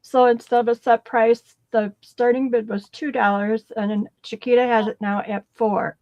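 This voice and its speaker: A woman assisting at a live craft sale, calmly reading out buyers' requests from comments. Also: on the high side, normal speed, dry recording, lo-fi sound. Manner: calm, relays comments.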